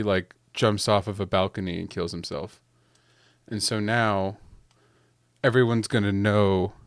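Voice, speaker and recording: A man's voice: lowish voice, smooth, dry recording, clean studio sound. A young man in casual chat, rambling through a movie plot with lots of "like" and briefly acting out the characters' lines. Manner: rambling storyteller, leans heavily on "like". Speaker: podcast panelist.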